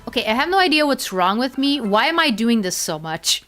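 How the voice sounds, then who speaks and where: A woman's voice: on the high side, big pitch swings, fairly quick, a bit bright, soft background music. A woman streaming a game in casual chat, rambling and thinking aloud with many fillers and repeats, giggly and self-mocking. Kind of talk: casual gaming livestream chat.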